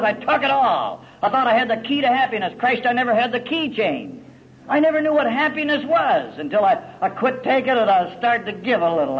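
A middle-aged man telling his story at a recovery meeting, gritty and folksy, swinging from loud to hushed. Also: high voice, lo-fi sound.

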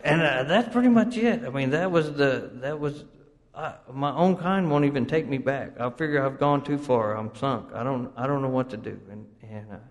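A man with a drawl tells his story to a recovery group in a rambling, self-mocking way, stumbling over restarts. His voice sits at an ordinary middle pitch. It rings out with a long reverb, as if it is coming from a large meeting hall. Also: normal speed. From Oklahoma, US.

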